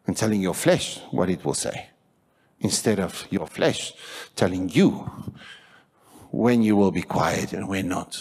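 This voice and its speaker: South african guy preaching in church, voice all over the place, shouts stuff out for effect. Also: deep voice, moderate pace, slightly rough. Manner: animated storytelling, acts out quoted voices, shouts for emphasis. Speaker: pastor. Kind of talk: sermon.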